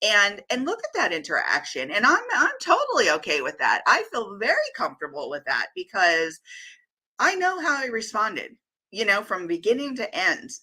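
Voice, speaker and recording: A woman's voice: mid-range voice, pushed and bright, breathy edge, rough recording. A woman hosting a casual podcast conversation, reflective, reading out listener comments and asking questions. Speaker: podcast host.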